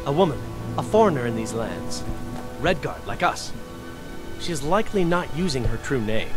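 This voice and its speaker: A man's voice: medium pitch, sing-song, normal speed, over music, lightly acted. An actor playing a stern, terse male warrior in a video game, speaking in a guarded way while he hunts for a woman.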